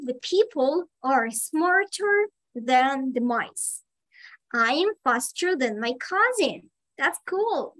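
A woman leads a live online English class for children, pitching her voice high above most women. She talks slowly and deliberately, then jumps up in pitch to stress key words, as if over a video call. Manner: slow, drawn-out teacher talk with sudden high, excited emphasis.

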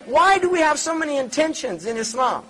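A man's voice: extremely high pitch, very animated, a little fast, a bit bright, low-quality recording. A man giving a religious lecture in a conversational, digressive way, full of rhetorical questions and asides. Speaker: Islamic scholar lecturing.

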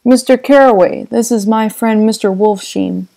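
A woman voicing a charming, evasive young rich man in an audiobook reading, speaking smoothly and reassuringly. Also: a little high, normal speed, mellow, no echo. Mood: hurried.

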